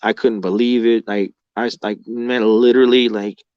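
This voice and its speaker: A man with a fairly low voice tells his own story in a loose, rambling way, swearing constantly and leaning on "like" as filler. He sounds raw and emotional. The recording is dry and close, with slightly dull, lo-fi audio. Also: little pitch movement, moderate pace, no room sound. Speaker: guest recounting experiences. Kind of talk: casual spoken storytelling.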